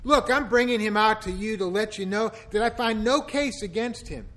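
A man's voice: high-pitched, moderate pace, a bit bright, voice pushed up. A man reading aloud who voices an uneasy male Roman governor, pressing questions on a prisoner in an insistent way. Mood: questioning.

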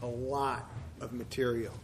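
A man's voice: mid-range voice, level tone, measured pace, slight background noise. A man, a pastor, giving a conversational church teaching full of humorous asides and rhetorical questions.

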